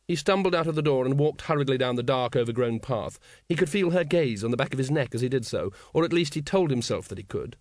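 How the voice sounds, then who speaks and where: A man's voice: mid-range voice, lively intonation, fast talker, few pauses, a little mellow, no echo, clean studio sound. A man reading a comic novel aloud, narrating expressively and voicing the characters. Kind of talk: audiobook narration with voiced characters.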